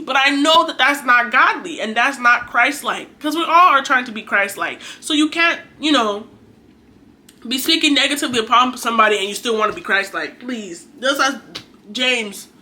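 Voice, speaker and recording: A woman's voice: a little high, sharp tone. A young adult woman giving an earnest, chatty faith talk to her viewers, exhorting and conversational. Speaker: faith vlogger. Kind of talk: casual preachy monologue.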